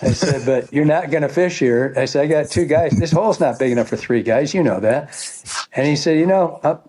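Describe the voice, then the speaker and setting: A man's voice: fairly high pitch, fairly quick, darkish tone. A man telling fishing guide stories in a casual, rambling way, swearing often and laughing as he goes. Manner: rambling, profane, laughing storyteller. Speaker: fly fishing guide, podcast guest. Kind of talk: casual storytelling.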